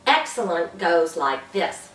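A woman's voice: on the low side, sing-song, slow pace, a bit bright, roomy sound, distant mic, low-quality recording. A woman demonstrating classroom cheers for teachers, bouncy, with whoops and sound effects. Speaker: early childhood teacher trainer.

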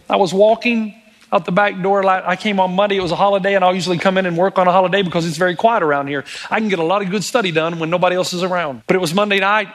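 A man, a pastor, preaching a sermon with animated storytelling and acted-out quotes. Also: high-pitched.

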